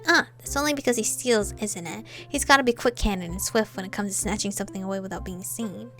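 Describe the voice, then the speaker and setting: A woman's voice: medium pitch, fast, sharp tone, faint music behind. A woman reading a romance visual novel aloud, breaking in with chatty joking asides to herself. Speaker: game playthrough reader.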